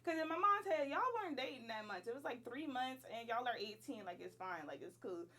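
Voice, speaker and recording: Twenty-something girl venting a storytime at home, kinda high voice, a bit far from the mic. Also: brisk. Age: 20s. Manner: animated, slangy, emphatic storytelling. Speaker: vlogger. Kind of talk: casual storytime chat.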